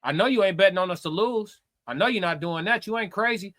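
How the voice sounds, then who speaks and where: A man's voice: sits high, fast, a bit bright. A man hosting a live reaction stream, reading his chat aloud and answering with brash, profane, taunting trash talk that repeats itself.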